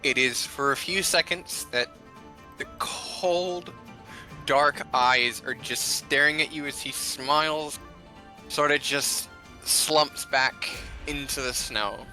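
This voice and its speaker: Game master, male, unhurried scene narration, bright forceful tone. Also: mid-range voice, faint music behind. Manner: slow, deliberate narration.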